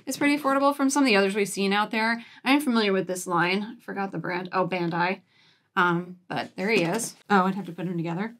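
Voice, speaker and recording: A woman's voice: medium pitch, fast talker, fairly bright tone. A woman vlogger chatting casually at home while showing off a shopping haul, giggling and cooing baby talk at her cats.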